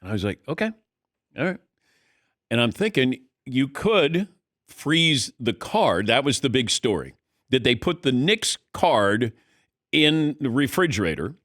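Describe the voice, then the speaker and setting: Middle-aged male sports talk host, animated storyteller with a wide-ranging voice; close, dry studio sound. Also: medium pitch, measured pace, no echo. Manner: animated storyteller, acts out quotes, laughs mid-sentence. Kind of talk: casual studio chat. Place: radio studio.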